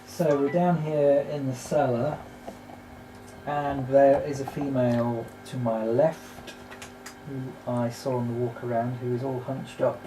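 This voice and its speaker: An English man acts as a medium on a ghost hunt, his voice very dark and mellow. He talks haltingly and keeps restarting his sentences. The sound is roomy and echoey, with faint noise behind him. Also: medium pitch, level tone, distant mic. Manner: hesitant, halting, lots of restarts. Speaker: psychic medium. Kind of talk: ghost-hunt walk-around, talking to spirits. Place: old building at night, rooms and cellar.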